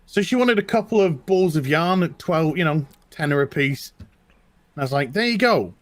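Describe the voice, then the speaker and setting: A man's voice: a little high, moderate pace, dry recording. A middle-aged British man in casual chat, telling personal stories with lots of restarts and repetition. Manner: animated, repeats himself, tells stories. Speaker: co-host.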